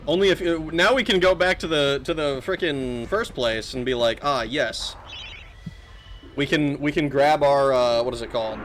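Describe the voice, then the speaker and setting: A man's voice: fairly high pitch, fairly quick, hardly any pauses, fairly bright tone, a little hiss or hum. A man streaming a video game, chatting casually and joking with his viewers, laughing often. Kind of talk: casual gameplay commentary. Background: game music.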